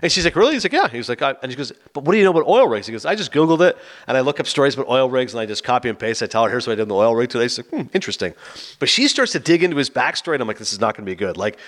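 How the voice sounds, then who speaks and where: A man's voice: mid-range voice, rapid-fire. A man casually retelling a film's plot, acting out the characters' lines. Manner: animated, acts out both characters' lines. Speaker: film reviewer.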